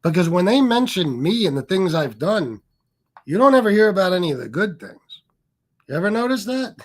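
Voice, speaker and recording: A man's voice: sits high, very animated, a little fast. A middle-aged man hosting a livestream, talking in a defensive, rambling, profane way. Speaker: livestream host. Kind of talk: casual livestream monologue.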